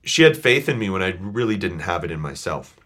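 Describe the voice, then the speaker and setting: A man's voice: low-pitched, big pitch swings, brisk, a bit bright, slight background noise. A man telling a personal story as a podcast guest, earnest and a little choked up. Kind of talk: casual chat, personal storytelling.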